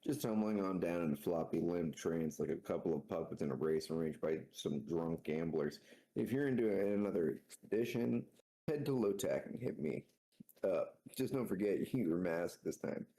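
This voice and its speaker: A man's voice: low-pitched, lively intonation, normal speed, warm tone, voice pushed down. A man voicing a crude, laid-back young male adventurer in a comic read-aloud, swearing and rambling. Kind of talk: comic reading with character voices.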